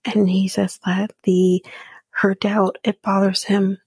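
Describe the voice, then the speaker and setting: A woman hosting a podcast, recapping a reality show in casual chat, blunt and sarcastic, swearing freely and slipping into soft whispery asides. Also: mid-range voice, little pitch movement, slow pace, husky, no echo.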